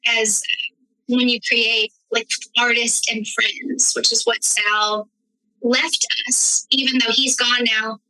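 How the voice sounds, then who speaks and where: Woman guest on a studio podcast, high, very bright tone, reflective storyteller. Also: rough recording. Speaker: actress, writer and director guest. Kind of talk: podcast interview.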